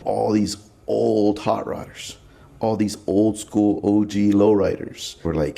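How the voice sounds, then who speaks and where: Slow and gravelly with a dark tone, this man is a pinstripe artist guesting on a podcast. In loose, storytelling conversation he says "like" often, and he animatedly voices the people he quotes, his pitch leaping for each.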